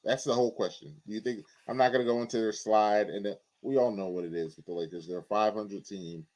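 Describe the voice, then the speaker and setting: A man co-hosting a sports podcast, putting relaxed questions in casual chat. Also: on the low side, fast, low-quality recording. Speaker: podcast co-host.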